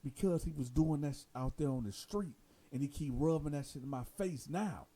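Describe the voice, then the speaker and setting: A man's voice: fairly high pitch, normal speed, warm tone, pitched above the performer's own voice. A man voicing an angry male inmate who talks in a heated, profane way.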